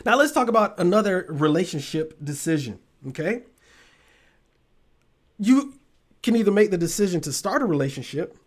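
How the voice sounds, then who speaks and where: A man's voice: high-pitched, animated, normal speed, pauses often. A man hosting a casual live-stream talk show, loose and profane with laughing asides.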